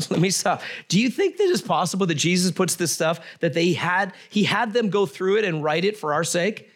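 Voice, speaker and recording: A man's voice: high voice, sing-song, normal speed, fairly bright tone. A middle-aged man preaching a sermon, reading scripture aloud and adding conversational, joking asides. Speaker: pastor.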